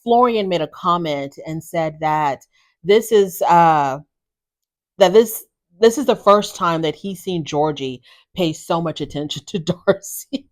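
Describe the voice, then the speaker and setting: A woman's voice: on the low side, expressive, unhurried. A woman hosting a casual reality TV recap, blunt and gossipy in her opinions.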